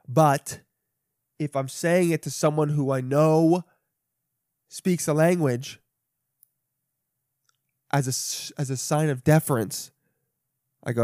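Rambling, profane young podcast host. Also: male voice, a little high, normal speed, pauses often, darkish tone, dry recording, clean studio sound. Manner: rambling, profane, self-mocking. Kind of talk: solo podcast monologue. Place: home.

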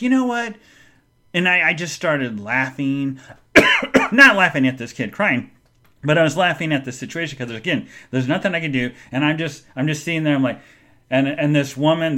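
A man hosting a live podcast, telling a story in an animated way, speaking straight to his listeners and answering chat comments. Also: medium pitch. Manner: animated, addresses the audience directly. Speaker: podcast host.

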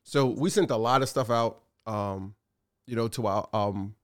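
A man co-hosting a casual talk show, telling animated stories with lots of fillers and acted-out quotes. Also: fairly low pitch, unhurried. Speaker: co-host, store owner. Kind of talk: casual chat.

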